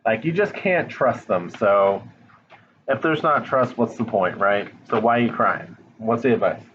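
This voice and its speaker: A man's voice: fairly low pitch, lively intonation, unhurried, a bit bright, lo-fi sound, slight background noise. A man giving a casual tarot reading straight to the viewer, blunt and frank, swearing now and then. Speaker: tarot reader. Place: home, dog nearby.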